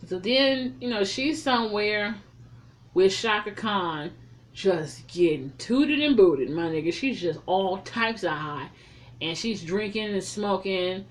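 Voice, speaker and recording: A woman reviewing a film in a casual, profane recap, telling the story in an animated way with heavy slang. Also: medium pitch, takes it slowly.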